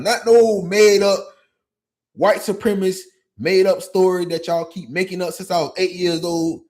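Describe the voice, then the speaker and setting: Brief: man, slightly high voice, podcast host ranting casually, animated and frustrated. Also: normal speed. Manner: animated, venting, repeats "you know what I'm saying". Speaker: podcast host and youth coach. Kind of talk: casual monologue.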